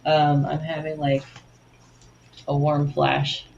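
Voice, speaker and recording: A woman's voice: low-pitched, monotone, slow, vocal fry, darkish tone, lo-fi sound, slight background noise. A woman in her forties co-hosting a livestream, chatting casually over photos, tripping over words and laughing at herself. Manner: self-deprecating, stumbles over words and laughs. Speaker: co-host of a livestream slideshow.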